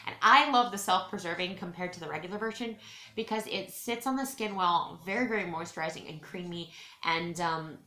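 A woman's voice: fairly low pitch, a little fast, pushed and bright, roomy sound. A woman chatting in a casual haul vlog, bubbly and gushing, talking straight to her viewers. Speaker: beauty vlogger.

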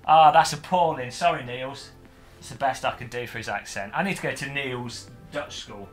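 A man's voice: medium pitch, very animated, normal speed, soft background music. A man on a casual livestream, joking, swearing and mocking himself while setting up gear. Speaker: streamer.

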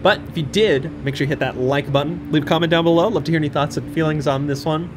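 A young man hosting a horror game playthrough, talking to viewers, jumpy and swinging from hushed muttering to yelps. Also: fairly high pitch, fast talker, noisy background. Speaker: gaming channel host. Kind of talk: horror game let's play commentary. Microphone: desk microphone.

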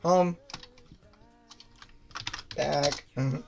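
This is live gaming commentary from a streamer who curses all the time, makes fun of themself, and erupts in loud outbursts and laughter. The medium-pitched voice has fairly even intonation, drawn-out words, and a creaky quality. The audio is dull, with a little hiss or hum.

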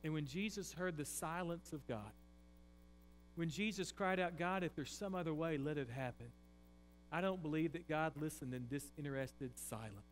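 A man pastor preaching a sermon, swinging from a loud raised voice to quiet intensity. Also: on the high side, normal speed. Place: church sanctuary. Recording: faint mains hum.

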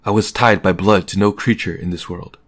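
Deep voiced guy reading a novel out loud, calm steady audiobook narration. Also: fairly quick. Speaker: audiobook reader.

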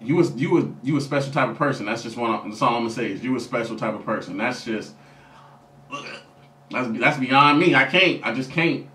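A man's voice: medium pitch, fairly quick, pushed and bright, roomy sound, recorded from a distance. A man hosting a reaction channel in casual commentary, upbeat and talking straight to his subscribers.

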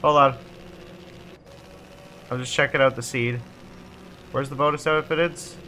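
A man's voice: medium pitch, steady tone, a little slow, bright, forceful tone, a little hiss or hum. A man hosting a casual multiplayer gaming chat, jokey and bossy about the mission, swearing freely. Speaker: gaming channel host.

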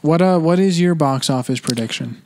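A man co-hosting a casual movie podcast, chatty and quick to agree, giving his verdicts on films. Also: a little high, a little mellow. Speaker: podcast co-host.

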